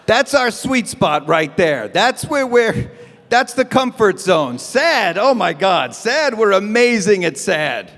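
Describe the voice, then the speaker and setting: A man speaks slowly in a high voice during an evening stand-up set, chatty and animated, mocking himself and acting out bits. He performs for a live audience in an event hall, and the recording has long hall reverb.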